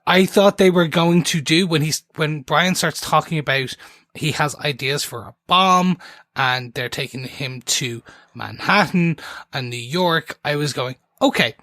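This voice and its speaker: A man's voice: a little high, measured pace, bright, forceful tone, no echo, clean studio sound. A man hosting a TV recap podcast in casual chat, talking eagerly and jumping between points with many restarts. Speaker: podcast host.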